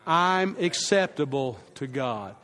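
A man's voice: medium pitch, lively intonation, takes it slowly, a bit bright. A male pastor preaching a sermon, repeating key lines for emphasis and leading the congregation to say phrases back with him.

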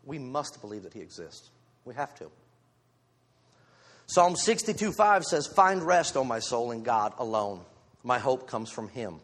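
In a church sanctuary with long hall reverb, a lay preacher gives an informal sermon on a handheld microphone, candid and self-deprecating with joking asides. His medium-pitched voice is fairly bright, with lively intonation and a measured pace.

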